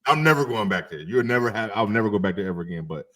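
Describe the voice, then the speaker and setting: A man's voice: fairly low pitch, lively intonation, a crowd in the background. A man co-hosting a podcast, laid-back and casually profane as he chats and wraps up the show. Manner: laid-back, swears casually, drawn-out sign-off. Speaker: podcast co-host. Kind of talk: casual chat.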